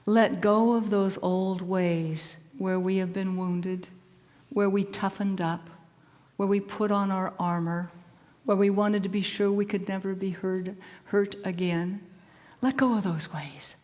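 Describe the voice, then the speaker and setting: A woman telling a story in a soft, hushed voice that often drops to a whisper, with a repeating, rhythmic cadence. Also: mid-range voice, steady tone, measured pace, in a large hall. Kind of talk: slow spoken-word storytelling.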